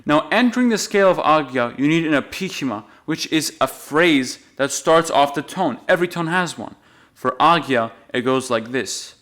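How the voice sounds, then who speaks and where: A man giving a patient, step-by-step music lesson, explaining the rules and then slowly singing the note names. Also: fairly high pitch, expressive, fairly bright tone. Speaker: music teacher.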